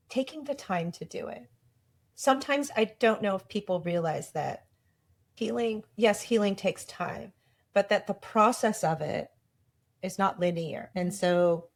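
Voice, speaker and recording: A woman with a fairly low voice in a casual podcast conversation. She talks reflectively and slips into little quoted inner voices to make her point. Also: a little mellow.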